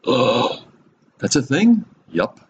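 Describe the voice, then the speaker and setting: A man's voice: mid-range voice, huge pitch swings, slow, highs cut off, a little hiss or hum. A man giving a conversational Bible teaching, chuckling often, adding humorous asides and asking his listeners direct questions.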